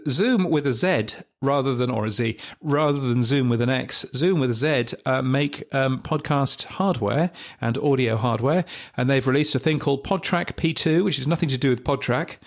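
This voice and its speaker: A man's voice: medium pitch, normal speed, hardly any pauses. A man hosting a podcast news roundup in a casual, rambling way, full of ums and dry jokes.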